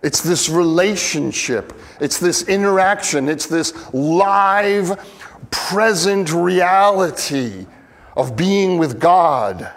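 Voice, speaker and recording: A man preaching an earnest, expressive sermon, acting out the pleas he quotes. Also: sits high, slow, in a large hall. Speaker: pastor.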